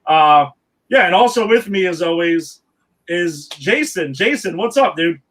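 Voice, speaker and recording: A man's voice: high voice, animated, unhurried, a bit bright, poor audio. A man hosting a casual podcast, upbeat and loose, with plenty of fillers. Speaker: podcast host. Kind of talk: casual chat.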